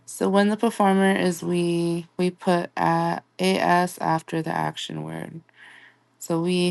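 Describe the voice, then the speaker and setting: A woman reading a recorded language lesson, slow and deliberate as she sounds out word forms one at a time. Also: lowish voice, vocal fry, darkish tone, no room sound. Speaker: language teacher.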